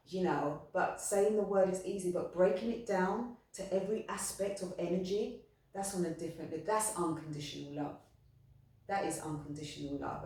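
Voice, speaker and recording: A woman's voice: low voice, warm tone. Earnest woman in an echoey room. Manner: heartfelt, repetitive, rambling with restarts. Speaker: spiritual medium. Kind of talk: earnest spiritual talk. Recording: echoey room, distant mic.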